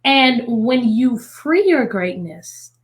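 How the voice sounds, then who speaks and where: A woman's voice: fairly high pitch, very animated, slow pace. A woman guest speaking earnestly and emphatically, in short declarations. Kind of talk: earnest testimony on a video call.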